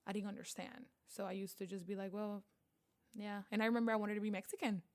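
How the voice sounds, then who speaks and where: A woman from Panama with a Panamanian Spanish accent, a guest telling her story in a casual interview, animated and acting out the voices of people she quotes. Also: medium pitch, fast talker. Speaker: guest, beauty vlogger.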